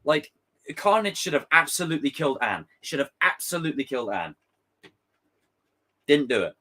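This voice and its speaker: A man's voice: on the high side, normal speed, slight background noise. Guy on a live stream reading chat, voice jumps all over when he rants, swears freely. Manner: animated, exasperated ranting.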